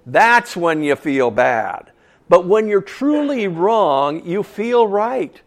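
A man's voice: high-pitched, very animated, slow. A man preaching a sermon in a conversational way, asking the congregation questions and repeating key phrases for emphasis. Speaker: pastor.

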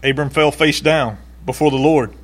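A male pastor preaching a sermon in an animated way, acting out quoted voices and laughing now and then. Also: a little high, normal speed.

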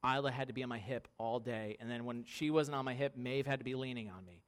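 A man in his thirties preaching a conversational sermon in a church, lively and laughing, often asking the congregation "right?". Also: medium pitch, fast. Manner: conversational, animated, laughing, many tag questions. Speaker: pastor. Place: church sanctuary.

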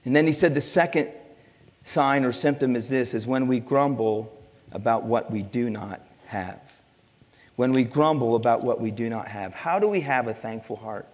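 A middle-aged man preaching a sermon as pastor, telling stories in an animated way with many restarts and repeated words. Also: medium pitch, moderate pace. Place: church sanctuary. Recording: long reverb of a church hall.

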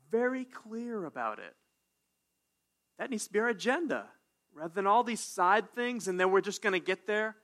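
A man preaching a sermon as pastor, animated and conversational, often asking "right?". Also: sits high. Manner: animated, call-and-response, says "right?" often.

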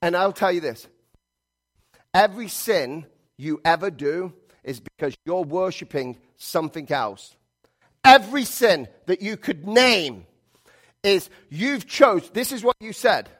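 A middle-aged man preaching a sermon, emphatic and repetitive, swinging between loud stresses and quiet asides. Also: high-pitched, lively intonation, measured pace. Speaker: pastor.

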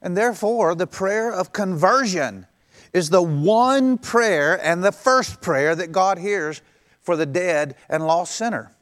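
A man's voice: high-pitched, lively intonation, slow, fairly bright tone. A middle-aged male pastor preaching a sermon in a conversational way, acting out quoted voices in passing.

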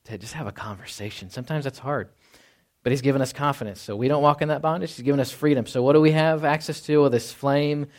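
A pastor with a medium-pitched voice preaches quickly in a conversational style. He often ends his points with "right?" and poses rhetorical questions.

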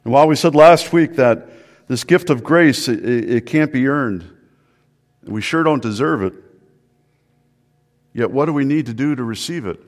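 A man's voice: mid-range voice, moderate pace, long pauses. A male pastor preaching an earnest sermon, often repeating words and asking the listeners questions. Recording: long hall reverb.

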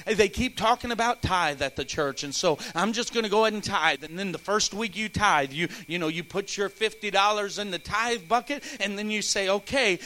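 High bright-voiced preaching man. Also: rough recording. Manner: animated preaching, playful asides, acts out voices. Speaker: pastor. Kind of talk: sermon. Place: church.

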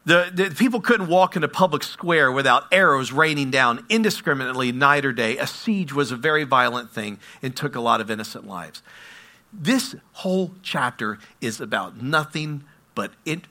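A man preaching a sermon, animated and asking his listeners questions. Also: medium pitch, moderate pace. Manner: animated, asks the audience questions. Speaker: pastor.

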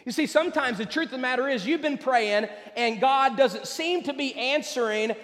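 High-voiced man preaching in a reverberant hall. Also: moderate pace, a bit bright. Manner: conversational, addresses the congregation directly. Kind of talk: sermon.

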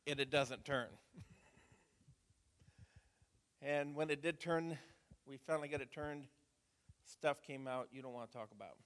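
A middle-aged man preaching as a pastor, chatting in a folksy way before reading scripture in a measured voice. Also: mid-range voice, fairly bright tone. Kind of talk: sermon. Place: church sanctuary. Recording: church hall reverb.

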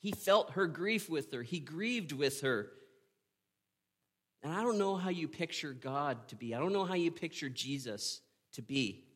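A man preaching a sermon, retelling a story with earnest drama, pausing and asking "right?". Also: fairly high pitch, expressive. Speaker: pastor.

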